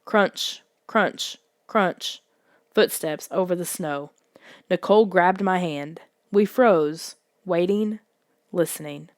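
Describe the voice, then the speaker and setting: A woman narrating a children's suspense story in a soft, hushed audiobook reading. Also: fairly low pitch, slow pace, no echo, studio quality.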